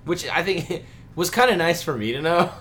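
A man's voice: a little high, lively intonation, normal speed, a bit bright, a little hiss or hum. A man co-hosting a casual comic book podcast, dropping wry jokey asides. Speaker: podcast co-host.

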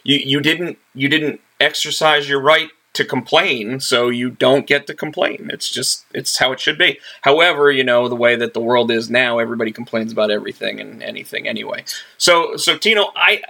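A man's voice: mid-range voice, brisk, gravelly, bright, forceful tone. A man co-hosting a casual chat show, dropping joking asides and stumbling over repeated words. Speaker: co-host.

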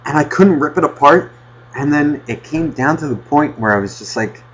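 A male podcast host telling a profane, ranting story in casual chat with a husky voice. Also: a little high, animated, moderate pace, fairly bright tone, muffled recording, slight background noise.

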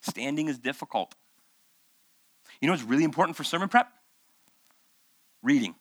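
A man's voice: on the high side, lively intonation, moderate pace, no room sound. A male pastor preaching a conversational sermon, firing off rhetorical questions and acting out the voices he quotes, after months of illness. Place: church.

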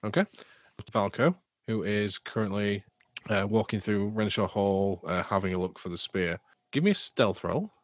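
A man's voice: fairly low pitch, normal speed, no echo. A man, running a tabletop game as game master in a casual, joking way. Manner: casual, swears freely, laughs along.

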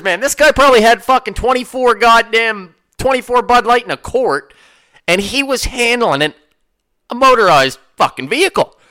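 A man's voice: very high voice, moderate pace, bright, forceful tone. A young man, hosting a podcast and telling a story in casual, swaggering, profane chat. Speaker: podcast host.

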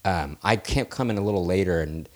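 A man's voice: deep voice, a little fast. A man co-hosting a casual podcast, telling a long rambling anecdote and chuckling between phrases. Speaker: podcast co-host. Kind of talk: casual chat, storytelling.

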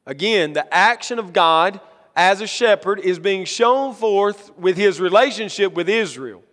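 A man with a notably high voice delivers a sermon from the pulpit. He reads scripture slowly and builds to emphatic, rising lines, and his voice rings on in the long reverb of a church sanctuary. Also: lively intonation, fairly bright tone. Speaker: pastor.

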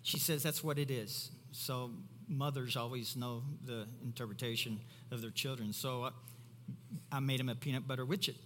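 A middle-aged pastor from Kentucky with a Kentucky accent preaching a sermon, swinging from quiet asides to loud, high exclamations. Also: male voice, steady tone, normal speed, big-room sound.

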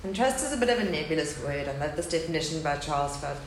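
A woman's voice: low-pitched, lively intonation, quick pace. A woman in her thirties giving a candid, earnest personal testimony talk to an audience at a faith gathering. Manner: candid and earnest, speaking of loss. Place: hall with a live audience. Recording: echoey hall, faint background hum.

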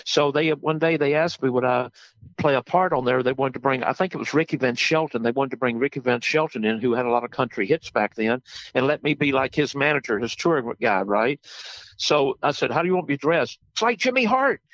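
An older man with a Southern US accent, an interview guest telling stories in an animated, excitable way. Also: medium pitch, brisk, no room sound, highs cut off. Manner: animated, excitable storyteller with exclamations. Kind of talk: casual storytelling interview.

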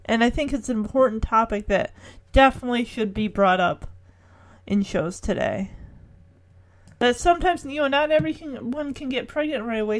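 Woman, high voice, casual episode recap, gushing, emotional, laughs often.

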